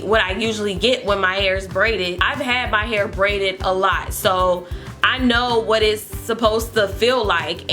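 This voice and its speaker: A woman's voice: mid-range voice, bright, forceful tone. A young woman vlogger telling a storytime in a chatty, exasperated way with lots of fillers. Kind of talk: storytime vlog.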